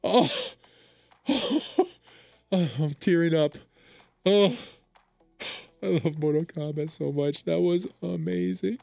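A slightly high-pitched man reacting to a game trailer, slow-paced between bursts of loud enthusiasm. He gushes and rambles like a devoted fan, with faint trailer audio behind him. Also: vocal fry, no room sound, soft background music. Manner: excitable, gushing, loud exclamations and laughter; rambling fan commentary with restarts. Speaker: reaction channel host.

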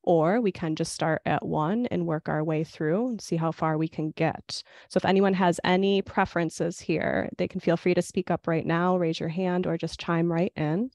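A woman facilitating a group discussion on a video call, speaking in a gentle, inviting way. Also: on the low side, steady tone, moderate pace, few pauses, dry recording, clean studio sound.

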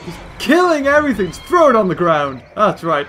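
A man narrating a game in a high voice that leaps up and down as he exclaims at every turn. He keeps up a running let's-play commentary, quick to gasp and cheer. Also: a little hiss or hum. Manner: excitable, exclaiming at the action. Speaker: gaming video host.

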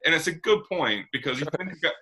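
Laid-back New Zealand man, bright voice. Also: a little high, lively intonation, quick pace, rough recording. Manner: chatty, rambling, laid-back slang. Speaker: podcast host. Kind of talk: casual chat.

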